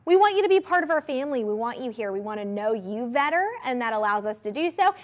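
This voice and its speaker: A woman hosting a live shopping channel, pitching products to viewers in an upbeat, chatty way. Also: very animated, fast. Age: adult mother of a young child. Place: TV studio.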